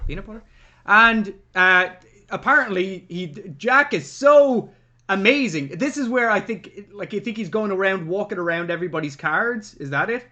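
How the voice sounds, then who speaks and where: A man's voice: high voice, lively intonation, moderate pace, bright, forceful tone, dull audio. A man co-hosting a podcast, reviewing a film in rambling, chatty talk with jokey asides. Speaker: podcast co-host. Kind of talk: casual film-review chat.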